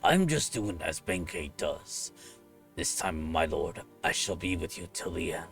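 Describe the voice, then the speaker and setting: A man voicing a loyal, solemn warrior monk with a gravelly voice, reading game dialogue in formal, deliberate speech. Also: low voice, expressive, fairly bright tone, soft background music, heavily acted. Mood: devoted.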